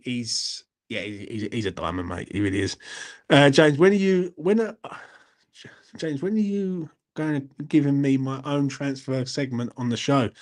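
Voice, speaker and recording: A young man hosting a casual live stream, chatting in a laddish way and reading out comments. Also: mid-range voice. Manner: chatty, laddish, repeats "do you know what I mean". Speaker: host reading live chat.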